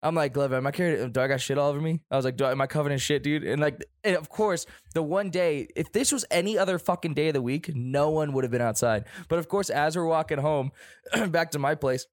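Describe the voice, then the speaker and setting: A young man telling a story in casual chat, animated, laughing often and swearing heavily. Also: a little high, quick pace, no echo, studio quality.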